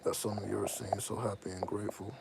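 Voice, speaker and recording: Low-voiced man, rambling and slangy, a host speaking off the cuff to viewers; gravelly tone, noisy recording. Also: fast talker. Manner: rambling, self-interrupting, heavy slang. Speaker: channel host. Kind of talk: casual personal monologue to viewers. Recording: steady audible background noise.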